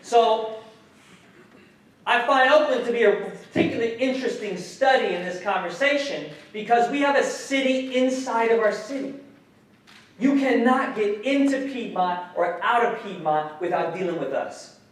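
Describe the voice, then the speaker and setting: Animated male lecturer in an echoey hall. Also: very high-pitched, moderate pace. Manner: animated, questions the audience, swears casually. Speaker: guest speaker, educator. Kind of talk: public lecture. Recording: echoey hall, mic some distance off.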